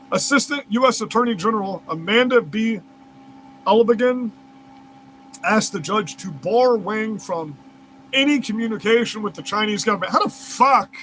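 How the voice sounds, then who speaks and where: A man's voice: high voice, bright, forceful tone, slight background noise, rough recording. A man reads news aloud and breaks off into heated, profane, incredulous rants as a commentary host. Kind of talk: reading news aloud and ranting over it.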